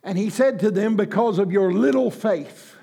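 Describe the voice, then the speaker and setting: A man with a strikingly high, gravelly voice preaches a sermon. He drops into quick, folksy asides, then climbs into shouted, fervent declarations full of rising fire.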